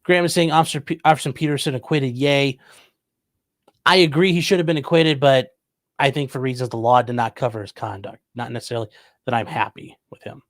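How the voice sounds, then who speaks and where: Man, from Ohio, stream host, casual chat, reads comments, dry jokes, mid pitch, dead room. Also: steady tone, a little fast, dry recording. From Ohio, USA. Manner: reads viewer comments aloud and answers with dry, joking asides. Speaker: livestream host reading chat.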